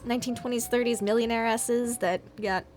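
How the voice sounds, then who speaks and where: A woman's voice: a little high, steady tone, brisk, a little mellow, soft background music. A woman narrating as game master of a tabletop game, meandering with many fillers.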